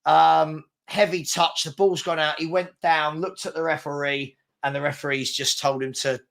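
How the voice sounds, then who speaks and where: An English man co-hosting a live football stream, with a voice a little higher than most. He talks casually about the match and rambles, with plenty of fillers and restarts. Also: level tone, normal speed, creaky, a bit bright. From England.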